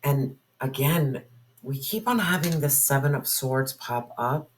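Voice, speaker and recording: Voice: medium pitch, expressive, a little slow, a little hiss or hum, low-quality recording. A tarot reader giving a spoken reading to viewers, musing aloud and asking spirit questions in an intuitive way.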